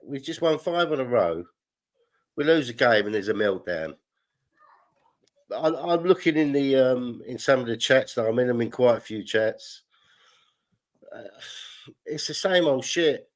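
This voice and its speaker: A man joining a fan stream as a guest, chatting casually about his club's form. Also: medium pitch.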